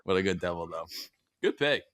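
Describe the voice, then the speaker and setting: Man, podcast co-host, bright dry voice, excitable and swearing, casual chat. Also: deep voice, a little fast, dry recording. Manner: excitable, swears freely, laughs mid-sentence.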